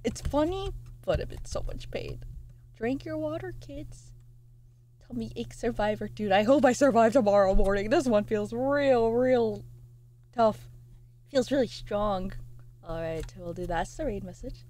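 Young woman streamer, bouncy animated voice, reads chat out, gets all worked up. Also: fairly high pitch, a little slow, a little hiss or hum. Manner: reads chat aloud, excitable, swears. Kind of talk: casual live-stream chat.

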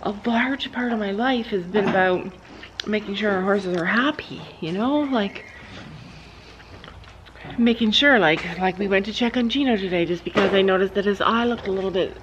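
A woman's voice: mid-range voice, moderate pace, dull audio, noisy background. A woman vlogging outdoors at a horse barn, talking in a rambling way with many restarts and fillers. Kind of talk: casual vlog chat.

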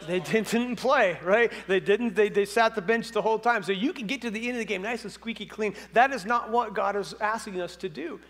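A male pastor preaching a sermon in an animated, jokey storytelling way. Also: high-pitched, fairly quick, few pauses.

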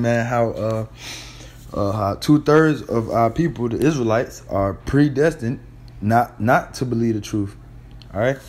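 A man's voice: mid-range voice, darkish tone. Rambling man preaching in street slang. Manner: rambling, peppers phrases with "man" and "all right?"; blunt street slang with profanity. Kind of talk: informal sermon.

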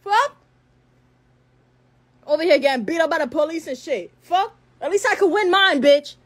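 Teen woman, late teens, high and wildly animated, trading insults on a phone live. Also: moderate pace. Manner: heated, profane, insulting. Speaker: livestreamer. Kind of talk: angry livestream rant.

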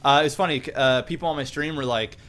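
A young man from Canada with an East Coast Canadian accent, telling stories and casting a game in a casual, animated way. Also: medium pitch, fast, a little hiss or hum. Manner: animated storyteller, swears casually, many fillers. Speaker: game caster. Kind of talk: casual game commentary and storytelling.

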